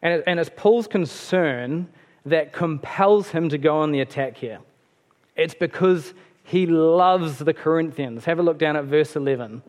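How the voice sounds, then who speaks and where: A man's voice: fairly high pitch, unhurried, darkish tone. Conversational male preacher in a reverberant hall. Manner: conversational, with fillers and self-corrections. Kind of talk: sermon.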